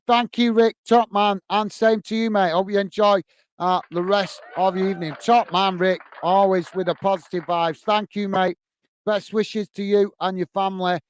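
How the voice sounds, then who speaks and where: Bloke on a footie stream reading chat, high-ish smooth voice, dry close mic, keeps saying cheers mate. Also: male voice, dry recording. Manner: friendly, repeats thanks and "mate" often. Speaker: football fan channel host reading live chat. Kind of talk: casual live-stream chat.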